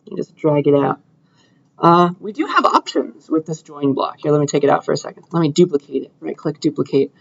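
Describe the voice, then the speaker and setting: A young man teaching computer science in a lecture hall, chatty and easygoing as he explains each step out loud. His voice sits a little high for a man. The recording is dull and lo-fi. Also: expressive, a little fast, gravelly. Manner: casual, chatty, thinking aloud while clicking through code. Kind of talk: live classroom lecture with coding demo.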